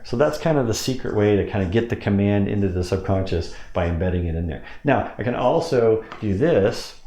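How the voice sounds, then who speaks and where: A man's voice: mellow, roomy sound. A man coaching on sales hypnosis, explaining techniques step by step and acting out examples. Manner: explains step by step, demonstrates with pitch changes. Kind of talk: instructional explanation.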